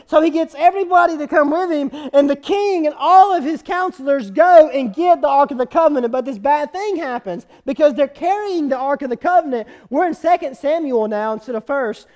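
A man preaching a sermon, retelling a scripture story with animated energy and quizzing his listeners. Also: very high-pitched.

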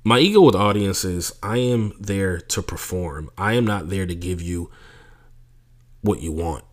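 Young man, podcast host, low voice, casual swearing monologue, animated storytelling. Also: measured pace. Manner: profane, animated storytelling with mocking impressions. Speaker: podcast host, stand-up comedian.

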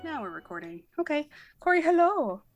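A woman's voice: sits high, big pitch swings, fairly quick, no echo, faint music behind. A young woman co-hosting a casual podcast, chatty and laughing often. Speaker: podcast co-host.

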